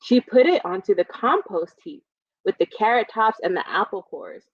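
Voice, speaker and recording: A woman librarian leading a live storytime for young children, reading aloud and explaining in a gentle, encouraging way. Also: medium pitch, animated, normal speed, breathy edge, dry recording, muffled recording.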